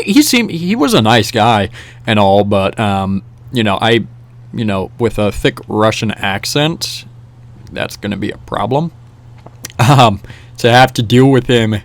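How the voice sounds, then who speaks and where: A young man telling a casual story in a rambling, animated way, with many restarts and fillers. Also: fairly low pitch. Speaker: vlogger. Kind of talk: casual storytelling over gameplay.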